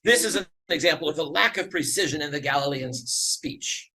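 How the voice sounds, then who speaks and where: Giving a slide lecture, this middle-aged man from the northern US is earnest and wry, laying out his case one step at a time. His voice sits a little high, bright and forceful, at normal speed. Recording quality is low.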